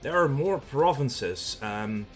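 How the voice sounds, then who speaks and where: A man's voice: medium pitch, animated, takes it slowly. A Dutch man with a Dutch accent hosting a let's play, explaining the game in a casual way with frequent fillers. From Netherlands. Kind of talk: gameplay commentary.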